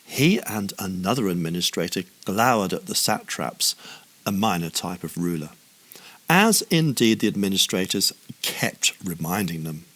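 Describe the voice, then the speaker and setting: A man's voice: low-pitched, expressive, moderate pace, a bit bright. A man narrating a children's story with a playful, wry manner and humorous asides.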